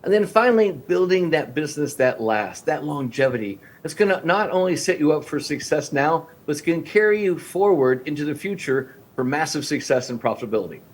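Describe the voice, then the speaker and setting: Man, 50s, podcast guest coaching restaurant owners; lively talker who acts out client calls, voice sits a bit high. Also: a little fast, few pauses. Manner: energetic, acts out phone-call dialogues with clients.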